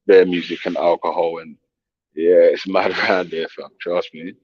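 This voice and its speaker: Deep-voiced man chatting on stream. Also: flat delivery, moderate pace, husky, dry recording, muffled recording. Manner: slangy, laughing, addressing chat and callers. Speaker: livestream host. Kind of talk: casual livestream chat.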